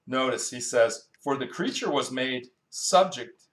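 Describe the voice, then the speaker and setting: A man's voice: medium pitch, animated, unhurried, fairly bright tone. A male preacher teaching a Bible sermon in a conversational way, quizzing the congregation with questions he often answers himself. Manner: conversational, with asides and storytelling. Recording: roomy echo.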